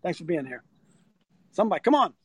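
A folksy, rallying preacher man with a high voice, telling stories to his listeners. He talks straight into a close, dry phone mic. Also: fast, slightly rough, no echo, poor audio. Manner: folksy storytelling, rallying, animated. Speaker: ministry leader called Coach. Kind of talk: livestreamed preaching talk.

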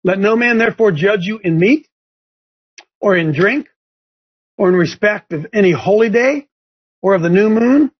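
A man hosting a Christian talk show, preaching with passion that rises to near shouts. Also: sits high, normal speed, long pauses, breathy edge. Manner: impassioned, rising to near shouts. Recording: dull lo-fi broadcast audio.

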